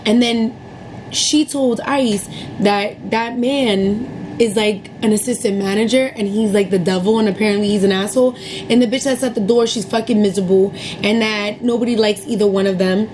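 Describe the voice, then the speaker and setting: A woman's voice: medium pitch, steady tone, normal speed, noisy background. A young woman retelling a restaurant dispute in a heated, profane storytime rant, working herself up as she goes. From New York City area. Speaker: vlogger telling a story.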